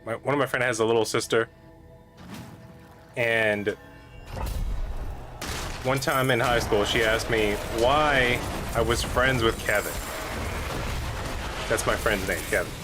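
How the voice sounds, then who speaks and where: A man hosts his gaming channel, telling a rambling, joking story as he plays. His voice sits at an ordinary middle pitch. Game music plays clearly underneath. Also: slow, pauses often. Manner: rambling, joking, with frequent restarts. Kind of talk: casual rambling commentary while playing.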